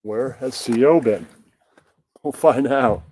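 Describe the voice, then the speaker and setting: Slow-talking rambling male puppeteer. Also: medium pitch, a little mellow, slight background noise. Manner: rambling, mutters and chuckles to himself. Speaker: host. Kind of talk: puppet show livestream.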